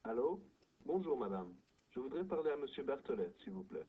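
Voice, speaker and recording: A courteous man calling on the telephone, played by an actor in a scripted learning dialogue. He speaks fast with a lively, husky voice. The sound is narrow and tinny, like a phone line. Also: medium pitch. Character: courteous adult male phone caller. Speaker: caller in a textbook video. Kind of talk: scripted educational French dialogue.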